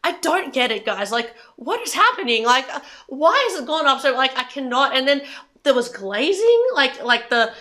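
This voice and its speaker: Bright, high-voiced woman. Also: moderate pace. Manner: excitable, stumbling restarts. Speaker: host. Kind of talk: casual chat.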